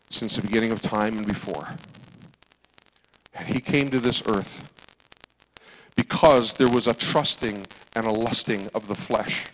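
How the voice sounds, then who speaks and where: A man preaching a sermon as pastor, acting out dialogue with big swings from loud to hushed. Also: on the low side, slight background noise, poor audio.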